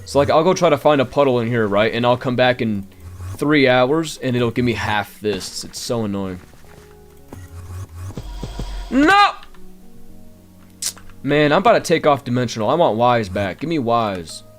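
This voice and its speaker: Male game streamer, mid pitch, lively swings, griping to chat over faint music. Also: brisk. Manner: animated, grumbling, talks to chat. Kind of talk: live gameplay commentary.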